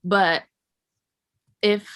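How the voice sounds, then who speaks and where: A young woman from California doing a stand-up comedy set, rambling and self-mocking in a deadpan way. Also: mid-range voice, extremely slow, clean tone. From San Jose, California.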